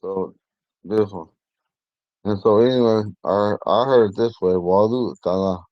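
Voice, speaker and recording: Low-voiced man teaching a language class. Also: unhurried, no room sound, muffled recording. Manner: relaxed, rambling with many fillers. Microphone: phone.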